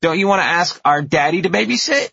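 A man's voice: high voice, lively intonation, quick pace, creaky, bright, forceful tone, breathy edge, dry recording, voice pushed up, exaggerated voice. A man putting on a bossy little girl. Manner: commanding, barking orders. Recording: dull, dry lo-fi recording.

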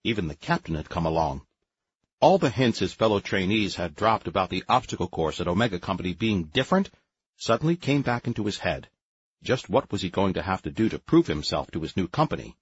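A man reading an audiobook in scripted narration, lively and expressive. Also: sits low, a little fast, slightly rough, dry recording, highs cut off.

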